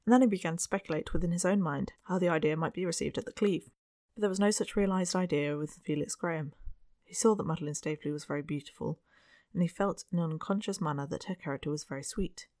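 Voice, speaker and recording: An audiobook narrator giving an even, measured reading of a period novel. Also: medium pitch, no echo, clean studio sound. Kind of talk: scripted narration of a Victorian novel.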